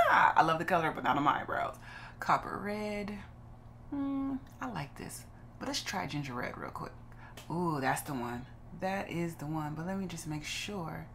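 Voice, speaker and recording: A woman's voice: low voice, expressive, measured pace, a bit bright, a little hiss or hum. Chatty woman musing through game choices. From Los Angeles. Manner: chatty, musing aloud while choosing. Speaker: gaming channel host. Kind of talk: casual gameplay commentary.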